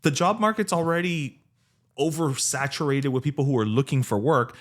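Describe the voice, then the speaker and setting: A man's voice: fairly high pitch, moderate pace. A man co-hosting a podcast, ranting in casual chat and mocking voices he quotes. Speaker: podcast co-host.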